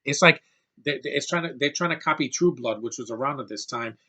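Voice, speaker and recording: A man's voice: mid-range voice, a little fast, sharp tone. A man giving a ranting film review, exasperated and profane, often stumbling and restarting his sentences. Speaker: movie reviewer.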